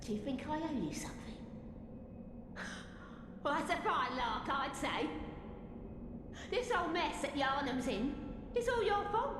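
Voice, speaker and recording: A woman's voice: high-pitched, lively intonation, measured pace, long pauses, heavy reverb, in a large hall, noisy background. Scornful, suspicious townswoman. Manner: hostile, scornful. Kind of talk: video game character dialogue.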